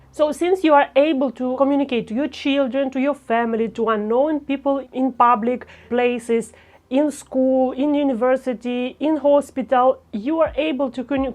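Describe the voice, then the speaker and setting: A woman teaching a lesson on speaking naturally on camera, talking in a slow, deliberate, demonstrative way. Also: high-pitched, a little mellow. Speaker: speaking coach.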